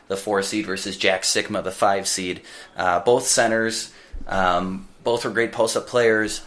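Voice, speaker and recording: A man's voice: on the low side, a bit bright. A man co-hosting a sports podcast, rambling through his picks with plenty of fillers and strong opinions. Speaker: podcast co-host. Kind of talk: casual sports podcast chat.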